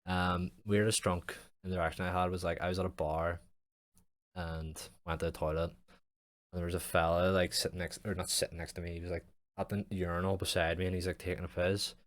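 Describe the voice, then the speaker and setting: A man's voice: low voice, little pitch movement, a little fast, no echo. A young man hosting a podcast, rambling in casual chat with heavy swearing and lots of fillers. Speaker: podcast host.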